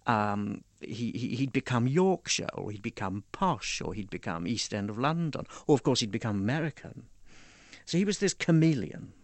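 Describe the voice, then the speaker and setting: A man interviewed as a biographer, thoughtful and pausing over his words. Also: mid-range voice, sing-song, no room sound. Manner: thoughtful, with fillers.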